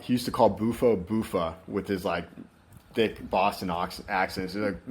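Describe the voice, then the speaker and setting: A man's voice: deep voice, normal speed, breathy edge. A man telling his story as an interview guest, frank and rambling, swearing freely as he goes.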